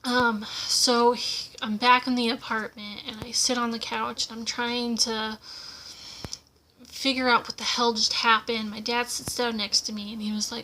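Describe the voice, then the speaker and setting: A woman's voice: on the high side, flat delivery, unhurried, pushed and bright, a little hiss or hum. A young woman from the United States telling a personal story to camera at home, casual, with lots of fillers and acted-out quotes. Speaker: vlogger.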